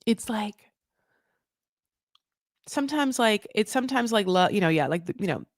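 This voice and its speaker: A woman's voice: quick pace, no room sound. Chatty, rambling woman host. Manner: chatty, rambling, tangents and self-corrections; animated with sudden high jumps in pitch. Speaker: recap show host. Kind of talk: casual chat recap.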